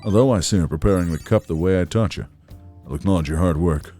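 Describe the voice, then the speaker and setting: A man voicing a stern middle-aged male café owner, reading game lines in a low, measured, dryly critical tone. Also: warm tone, soft background music, lightly acted. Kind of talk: reading game dialogue aloud in character.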